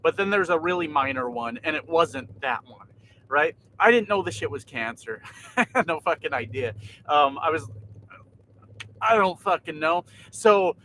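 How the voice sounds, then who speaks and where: A man talking loosely to his viewers from his truck cab, swearing freely and laughing often. His voice sits a little high and sounds bright and forward. Faint engine and road noise hums behind him. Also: animated, a little slow, rough recording. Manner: laid-back, swears often, laughs a lot. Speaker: trucker vlogger. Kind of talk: casual livestream chat.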